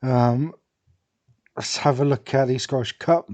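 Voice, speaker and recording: Mellow-voiced man musing over a game. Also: medium pitch, fairly even intonation, a little slow. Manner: rambling, thinking aloud with many fillers. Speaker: gaming video creator. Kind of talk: casual commentary over a football management game.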